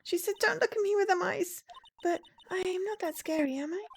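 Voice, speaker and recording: A woman voicing a sweet, timid little girl who speaks in a small, earnest, hushed voice. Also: extremely high pitch, fairly quick, vocal fry, a little hiss or hum, voice pushed up.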